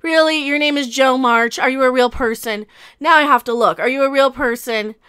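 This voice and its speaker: Vlogger, woman in her forties, ranting with heat and sarcasm, high and bright. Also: normal speed, clear, resonant tone, no echo, studio quality. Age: 40s. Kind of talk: rant commentary.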